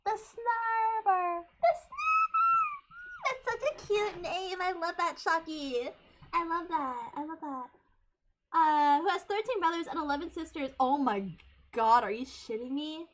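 A young woman in her twenties chatting casually on a live stream, giggly and hyper, getting loud when excited. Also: high-pitched, normal speed. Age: 20s.

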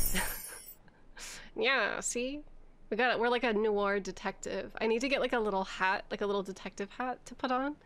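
Woman game streamer, chatty and giggly, casual live-stream talk. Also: medium pitch. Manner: giggly and chatty, laughs often.

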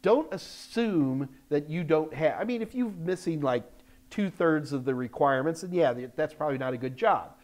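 Blunt, emphatic older man, higher voice. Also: lively intonation, normal speed. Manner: blunt, emphatic, gets loud when frustrated. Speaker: host answering viewer questions. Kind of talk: live Q&A chat. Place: Texas, United States.

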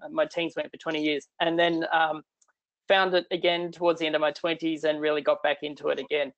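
A man's voice: fairly high pitch, level tone, brisk, a bit bright, dull audio. A middle-aged man with an Australian accent giving a chatty, irreverent online talk from home. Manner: chatty, irreverent, self-deprecating. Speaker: guest speaker.

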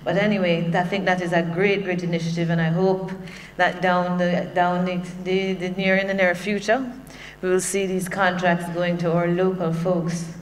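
A woman's voice: on the low side, level tone, normal speed. A woman from Jamaica with a Jamaican accent, giving a conversational conference speech as a workshop presenter, with humorous personal asides. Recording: long hall reverb, faint hum.

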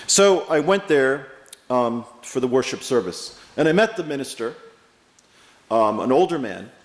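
A male pastor preaching a sermon, telling stories in a measured way with pauses and stressed words. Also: mid-range voice, expressive. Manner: measured storytelling with pauses and emphasis. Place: church sanctuary. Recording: echoey hall with long reverb.

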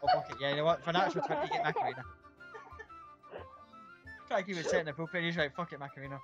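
A man's voice: a little high, sing-song, quick pace. Man running a tabletop game, muffled. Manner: casual, rambling, laughs easily. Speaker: game master. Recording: muffled lo-fi recording. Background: faint background music.

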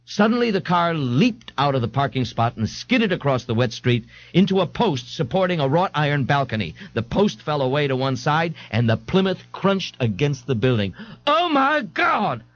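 A man narrating an audiobook in an expressive, theatrical reading style. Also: fairly high pitch, normal speed, hardly any pauses, no room sound. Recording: dull lo-fi dry studio tape.

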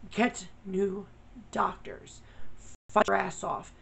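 A woman's voice: mid-range voice, slow, vocal fry, fairly bright tone, rough recording. A woman vlogger talking candidly, blunt and profane, venting her frustration. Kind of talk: candid personal vlog.

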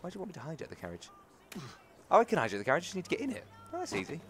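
A young man from England speaks very fast in a fairly high, British-accented voice whose pitch swoops wildly, giving casual let's-play commentary for his YouTube channel. Game music plays, with a crowd audible in the background, as he mocks himself.

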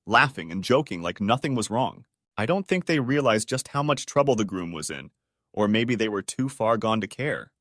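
A man reading online stories aloud as a narrator, with a steady, evenly paced storytelling delivery. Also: medium pitch, dry recording, clean studio sound.

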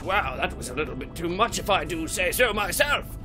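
A man giving rowdy, crude gameplay commentary, swearing and shouting at the game. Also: sits high, big pitch swings, a little fast, over music. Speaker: let's play gamer.

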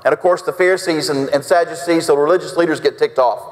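A man's voice: on the high side, fast talker, few pauses. A male pastor preaching a folksy sermon, acting out quotes with big swings in his voice. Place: church sanctuary. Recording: reverberant church sanctuary.

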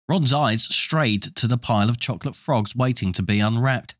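A man reading a children's fantasy novel aloud as an expressive storybook narrator. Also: medium pitch, moderate pace, few pauses, dry recording, studio quality. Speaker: audiobook reader.

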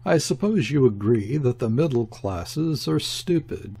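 A man reading the part of a scornful foreign diplomat who speaks with soft brutality, in a gravelly, husky voice. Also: mid-range voice, expressive, measured pace, exaggerated voice. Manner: brutal, airy, ferocious. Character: scornful foreign diplomat, male, middle-aged. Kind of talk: audiobook character reading.

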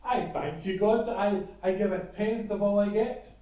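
A pompous religious man boasts in a raised, high voice about how good he is, as a man puts him on. The voice sits well above the speaker's own and comes from far off in a very echoey space. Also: fairly even intonation, moderate pace, mellow, lightly acted. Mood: smug boasting. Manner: pompous, self-congratulating. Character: smug boastful male religious man praying aloud.

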